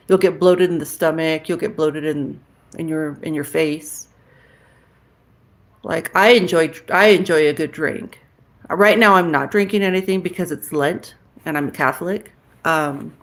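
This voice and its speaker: Slow, chatty livestream woman. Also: fairly low pitch. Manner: chatty, reads and answers viewer comments aloud; frank, cusses casually. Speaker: livestream host chatting with viewers. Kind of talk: casual live-chat talk.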